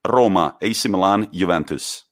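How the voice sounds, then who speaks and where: Italian-accented male podcast co-host, lowish voice, playful and teasing. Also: normal speed. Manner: teasing, laughs often, some English slips. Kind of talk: casual podcast chat.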